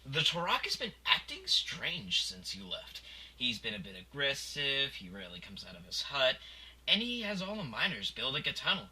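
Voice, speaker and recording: A man's voice: medium pitch, huge pitch swings, moderate pace, sharp tone, slightly rough, full character voice, poor audio. A man voicing a small, anxious villager who reports in an earnest, confiding way. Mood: worried.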